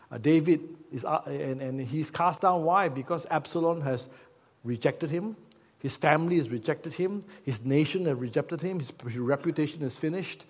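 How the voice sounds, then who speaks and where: A man preaching a sermon as pastor, conversational, with many fillers and repeated rhetorical questions. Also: on the high side. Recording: long hall reverb.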